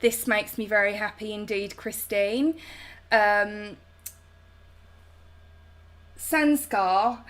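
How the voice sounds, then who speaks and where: A woman's voice: mid-range voice, extremely slow, pauses often. Chatty London woman in her thirties. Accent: London English. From South London, England. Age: 30s. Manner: chatty and affectionate, calls viewers babe and darling. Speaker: host. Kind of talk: live-stream chat reading viewer comments.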